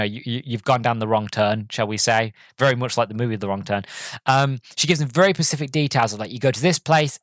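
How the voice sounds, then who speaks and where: Rambling podcast host. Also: male voice, mid-range voice, dry recording, clean studio sound. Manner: rambling, enthusiastic, many restarts. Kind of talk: casual movie review.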